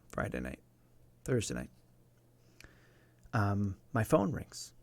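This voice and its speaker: A man's voice: mid-range voice, creaky, dry recording. Earnest man telling a personal story. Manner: earnest, emphatic, repeats words for emphasis. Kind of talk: personal storytelling on a live stream.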